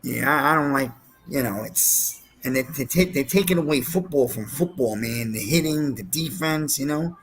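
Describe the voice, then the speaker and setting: A man's voice: medium pitch, normal speed, a little hiss or hum. A man in casual chat who rants bluntly about how things used to be. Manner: blunt, old-school ranting.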